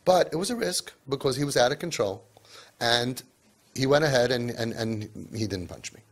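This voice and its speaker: Parenting speaker, male, husky voice, emphatic lecture with frequent "right?" asides and big swings in pitch. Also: moderate pace. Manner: mixes Yiddish and Hebrew words into English.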